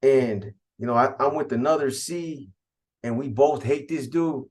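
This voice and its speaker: A man's voice: medium pitch, unhurried, a little mellow. A man casually recounting a prison gang story in profane street slang.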